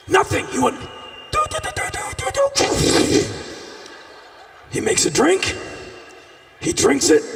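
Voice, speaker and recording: A man performing a live storytelling monologue on a festival stage, animated, with bursts of shouting. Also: extremely high pitch, creaky. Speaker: spoken-word performer. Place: large outdoor festival stage. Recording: echoey stage sound from a distance.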